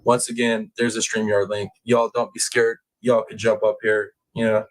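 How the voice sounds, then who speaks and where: A man's voice: quick pace, hardly any pauses, rough recording. Laid-back man hosting a livestream chat. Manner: laid-back, chatty, drawling out words; rises high when excited by a viewer. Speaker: livestream host reading chat.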